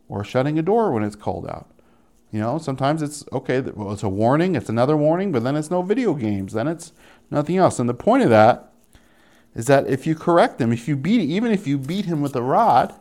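A young man preaching a sermon in an animated way, acting out the voices of the people he quotes. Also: medium pitch.

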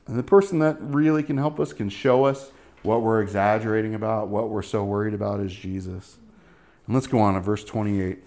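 A man's voice: medium pitch, a little mellow. A middle-aged man preaching a sermon as pastor, in a casual, joking way, often checking in with "right?".

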